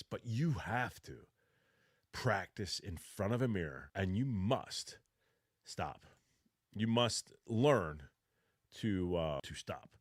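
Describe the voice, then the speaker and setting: Male podcast host, low voice, dry close sound; casual, rambling advice delivery. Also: dry recording. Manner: rambling, with restarts and mock interview demonstrations. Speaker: podcast host giving job-search advice.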